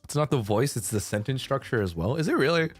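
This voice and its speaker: A young man streaming, chatting casually with viewers, swearing and shouting in protest. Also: mid-range voice, expressive, quick pace, soft background music.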